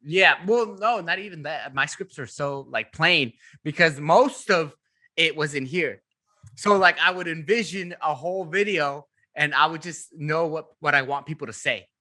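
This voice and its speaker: Male podcast host, animated, laughing often, very bright voice, slightly high. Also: normal speed. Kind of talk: casual podcast chat.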